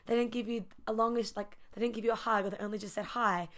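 A woman's voice: a little high, steady tone, fast. A woman in casual conversation, reflective, telling personal stories with quoted dialogue and fillers.

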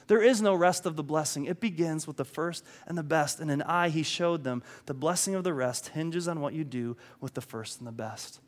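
A man preaching a sermon, earnest, acting out quoted speech and dropping to a soft voice for emphasis. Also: fairly high pitch, normal speed, few pauses. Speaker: pastor.

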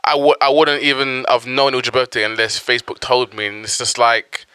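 A young man talks in a loose, blunt way, swearing often as he makes his points. His voice is bright and forceful. The sound is dry and close. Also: mid-range voice, fairly quick, clean tone, no room sound. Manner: blunt, swears a lot, animated storytelling. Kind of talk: casual chat.

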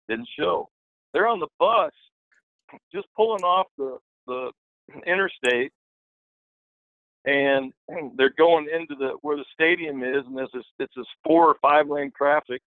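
A gravelly-voiced man spins a lively anecdote in a relaxed, chatty way, slipping into the voices of the people he quotes. His voice sits a bit high for a man. It comes through a thin, phone-like line with no room sound at all. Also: a little slow, long pauses, dry recording. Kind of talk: casual storytelling.

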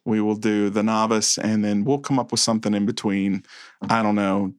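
A man co-hosting a casual podcast chat, animated and playfully over the top, making mock threats for laughs. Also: lowish voice, normal speed, clear, resonant tone, no room sound, studio quality. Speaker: podcast co-host.

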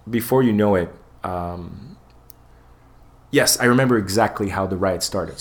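A podcast co-host with a low voice tells a wild story at a measured pace in casual chat. He's an animated storyteller who swears freely and acts out the voices he quotes.

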